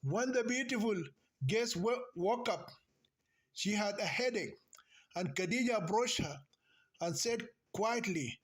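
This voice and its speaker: A man reading a novel aloud as narrator, slowly and carefully, with small restarts. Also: high voice, animated. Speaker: audiobook narrator.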